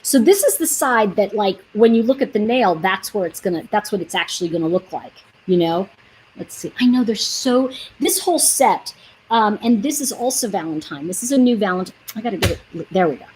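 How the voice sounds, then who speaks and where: A woman's voice: mid-range voice, lively intonation, brisk, darkish tone, a little hiss or hum, low-quality recording. A woman chatting casually on a livestream as she sells nail polish, rambling and reading out viewer comments.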